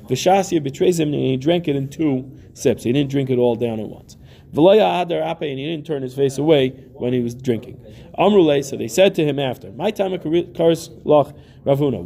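A man's voice: medium pitch, creaky, dark tone. A man teaching a Talmud lesson, reading each Aramaic phrase and then translating and explaining it, often repeating himself.

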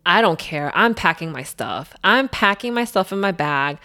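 A woman's voice: fairly low pitch, expressive, normal speed, sharp tone. Young woman rambling with "like" fillers. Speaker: storyteller. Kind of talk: casual chat.

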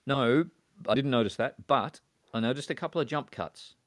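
A man's voice: medium pitch, moderate pace, no echo. A man in a casual film discussion, talking in a rambling way with many fillers and restarts.

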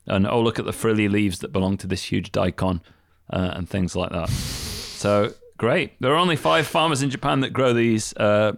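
British guy chatting, gravelly voice, dry close mic, teasing. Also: lowish voice, moderate pace, few pauses, fairly bright tone, no room sound. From Britain. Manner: dry, teasing, reads out news items. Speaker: co-host. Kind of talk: casual news chat.

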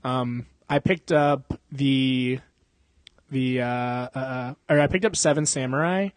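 A man's voice: mid-range voice, steady tone, slow, dry recording. A young man chatting casually as a podcast host, rambling and swearing, with frequent laughs. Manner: rambling, profane, laughing often. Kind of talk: casual chat.

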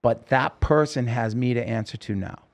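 A man's voice: mid-range voice, moderate pace. A man telling his story as a podcast guest, rambling and emotional, with many fillers. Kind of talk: casual storytelling interview.

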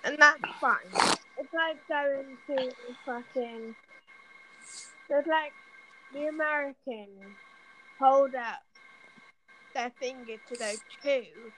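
A woman's voice: high voice, slow, long pauses, muffled recording, noisy background. An English woman with a blunt manner who swears freely, chatting casually as co-host. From England. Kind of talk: casual chat.

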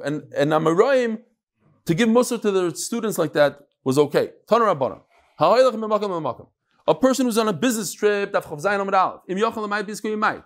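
A man's voice: high voice, expressive, fast. A man teaching a daily Talmud class, explaining the text in plain talk mixed with Hebrew and Yiddish study terms and acting out the dialogue.

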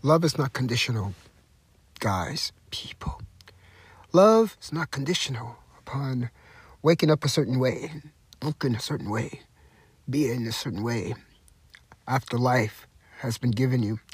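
A man's voice: mid-range voice, expressive, a little slow, pauses often, slightly rough, no room sound. A man hosting his own talk show, giving an emphatic monologue that sounds like a sermon, hammering home the same phrases again and again. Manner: repetitive, emphatic, preacher-like. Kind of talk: impassioned solo monologue. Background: music.

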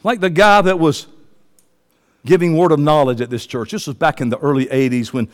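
A man, preaching a passionate sermon that swings from quiet asides to shouting. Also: fairly high pitch, a little fast. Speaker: pastor. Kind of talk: fiery sermon. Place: church sanctuary. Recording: long reverb of a church hall.

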